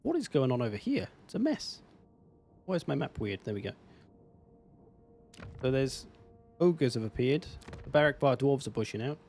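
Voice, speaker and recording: A man's voice: mid-range voice, sing-song, moderate pace, pauses often, a little mellow. A man with an English accent, casually commenting on a strategy game on a live stream, swearing now and then and answering chat. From England. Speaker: gaming streamer.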